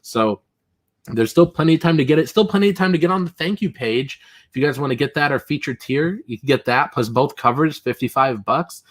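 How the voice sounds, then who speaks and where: A man hosting a casual livestream, talking in a loose, rambling way. His voice sits a little higher than most men's, and he fills pauses with "uh" and little chuckles. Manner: rambling and chatty, many fillers and chuckles. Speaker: livestream host.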